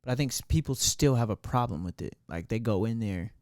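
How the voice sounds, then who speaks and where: A man's voice: mid-range voice, animated, a little fast, a little mellow, no echo, clean studio sound. A man co-hosting a podcast, rambling through his thoughts with lots of fillers in casual chat. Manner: rambling, thinks aloud with many fillers. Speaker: podcast co-host.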